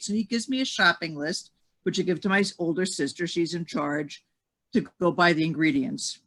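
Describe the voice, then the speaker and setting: A man's voice: sits high, normal speed. A man telling a funny story in a casual group chat, acting out the voices. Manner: animated storyteller, acts out voices.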